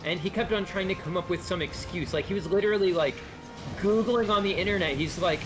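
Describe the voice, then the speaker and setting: Male co-host, lively anecdote teller, higher voice, game music behind. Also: brisk. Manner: animated storyteller who mimics people. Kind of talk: casual storytelling chat.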